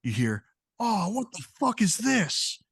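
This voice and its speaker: Panicked guard, high and shrill, put on by a man, flustered, dry close sound. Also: huge pitch swings, slow pace, creaky, husky, no room sound, full character voice. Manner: shrieking, flustered. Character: panicking male guard with burning boot.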